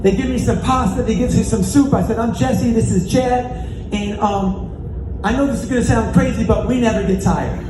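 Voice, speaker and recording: Male keynote speaker, very high voice, lively storytelling, echoey hall with music under it. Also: noisy background. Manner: energetic storytelling, acting out dialogue, chanting call-and-response. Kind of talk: motivational stage speech. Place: large conference hall on stage.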